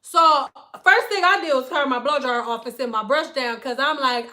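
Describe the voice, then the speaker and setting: Bright, blunt woman hairstylist ranting. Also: high-pitched, moderate pace. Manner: blunt, profane, animated storytelling. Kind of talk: casual livestream rant.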